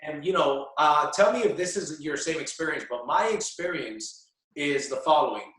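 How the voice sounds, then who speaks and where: A man explains his views as an interview guest, pausing often with little fillers. His voice sits a bit high, and he sounds distant in a very echoey room. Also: lively intonation, fairly bright tone. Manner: hesitant, many fillers, explaining. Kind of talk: casual interview conversation.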